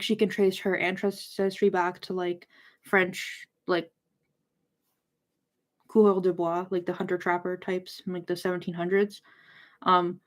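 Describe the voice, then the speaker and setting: A woman's voice: lowish voice, darkish tone. A woman hosting a casual book discussion, chatting loosely with viewers and filling her sentences with "like" as she rambles. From North America. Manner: rambling, many "like" fillers. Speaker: host of a book discussion channel. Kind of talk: casual livestream chat, replying to viewers.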